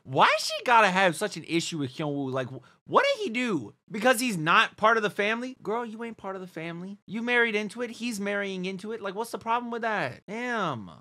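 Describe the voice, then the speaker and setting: Lively slangy man reacting out loud. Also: high-pitched, fairly quick, hardly any pauses. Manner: animated and slangy, often laughing and exclaiming. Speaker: reaction video host. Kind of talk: casual reaction commentary.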